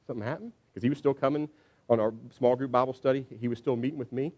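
A man's voice: fast, muffled recording. Conversational middle-aged male preacher. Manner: conversational storytelling preacher, frequent "all right?" asides; acts out quotes with sudden high excited pitch. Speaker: pastor. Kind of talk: sermon.

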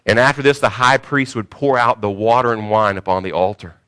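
A man preaching a sermon, swinging from hushed, slow phrases to loud cries, sometimes repeating words as he searches for the next one. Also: lowish voice, fairly even intonation. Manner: emphatic, repeats words while searching for them. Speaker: pastor.

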